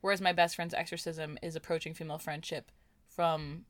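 A young woman co-hosting a podcast, talking books in a lively, jokey way. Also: deep voice, fairly quick, dry recording. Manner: lively, jokey, animated book talk. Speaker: podcast co-host. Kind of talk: casual chat.

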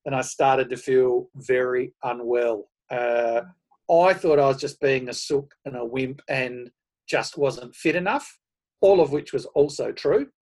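A man, telling his running stories in a casual, self-deprecating and animated way. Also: mid-range voice, a little slow. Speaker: podcast guest, runner. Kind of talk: casual storytelling.

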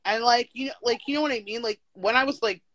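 A young adult interviewee in casual conversation, talking emphatically with lots of "like" fillers and quick laughs. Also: medium pitch, fairly bright tone, slight background noise.

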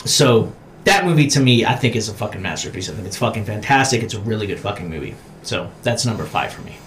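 A man in casual podcast chat, swearing freely as he retells movie scenes with animated energy. He jumps into loud acted-out shouts, then drops back into his easy mid-pitched talk. A faint noise floor sits under the voice. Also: fast talker. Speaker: podcast co-host.

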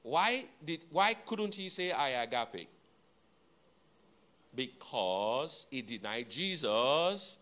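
A man preaching a sermon to his congregation, teaching deliberately, repeating and spelling out key words, with playful asides to the listeners. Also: high voice, wildly swooping pitch, bright, forceful tone. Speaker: pastor.

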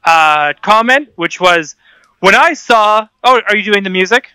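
A man co-hosting a casual podcast chat, joking and telling animated stories. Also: high-pitched, unhurried, smooth, no room sound. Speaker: podcast co-host.

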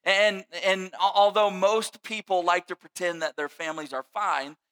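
A man's voice: high-pitched, fairly even intonation, moderate pace, pushed and bright, smooth, rough recording. A middle-aged father giving a talk on family life, telling stories in a casual way with lots of fillers and restarts. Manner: conversational storytelling with frequent fillers and restarts. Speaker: speaker.

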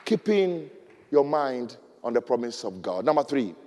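A man preaching a sermon, reading scripture and leading prayers, swinging from loud cries to near murmurs. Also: expressive, normal speed, long reverb tail. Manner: preaching with dramatic swings in pitch and volume. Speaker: pastor.

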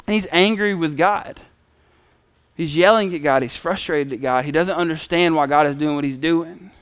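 A man's voice: on the high side, normal speed, clear, resonant tone, no echo. A man preaching a sermon in a conversational storytelling manner. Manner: conversational storytelling with acted quotes.

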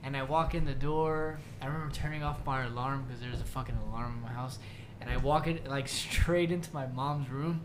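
A man's voice: mid-range voice, steady tone, a little fast, noisy background. A young man co-hosting a podcast, telling stories in a laid-back, swearing, laughing way. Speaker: podcast co-host. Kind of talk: casual chat.

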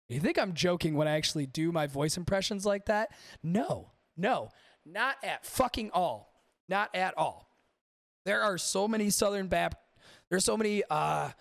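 A man's voice: sits high, creaky, fairly bright tone, no echo. A man hosting a podcast in casual, rambling chat, swearing freely and talking to his live chat. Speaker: podcast host.

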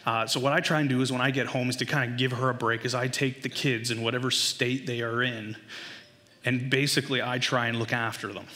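Bright-voiced man telling a funny story. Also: brisk, big-room sound. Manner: animated, voice jumps high when acting out panic. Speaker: father telling a story to an audience. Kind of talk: humorous personal storytelling.

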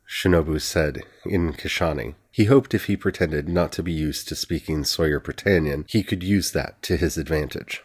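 A man narrates a fantasy novel as an audiobook. His voice sits low and sounds husky. He reads evenly and steadily. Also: moderate pace, hardly any pauses.

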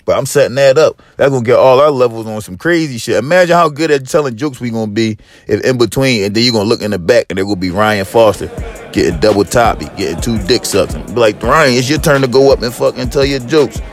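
A man hosting a podcast, telling a profane comedic monologue with lively storytelling, acting out other people and rising to yelling. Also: fairly low pitch, fast talker, soft background music. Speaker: podcast host.

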